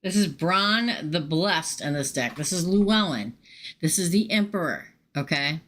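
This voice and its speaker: A middle-aged woman, telling a casual, animated story to viewers during a live tarot reading stream. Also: fairly low pitch, a little slow, slight background noise. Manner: chatty, animated, swears casually and talks straight to viewers. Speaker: tarot reader hosting a live show.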